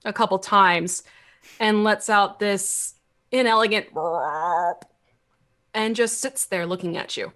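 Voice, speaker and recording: A young woman narrating a tabletop game as game master, in a quick, casual way with fillers. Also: mid-range voice, a bit bright.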